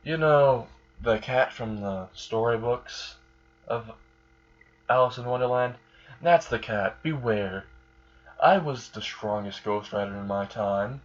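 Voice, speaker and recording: Ancient scheming Mad Hatter, read by a man; casual halting delivery, mid pitch, muffled lo-fi recording. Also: close to an everyday voice. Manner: casual, halting, says "you know". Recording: dull lo-fi recording.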